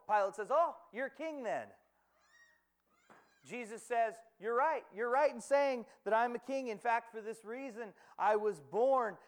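A man preaching a sermon, retelling scripture with dramatic pauses, rhetorical questions and quoted lines. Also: sits high.

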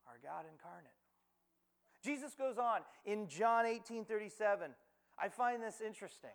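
A man preaching a sermon, retelling scripture with dramatic pauses, rhetorical questions and quoted lines. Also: extremely high pitch, creaky.

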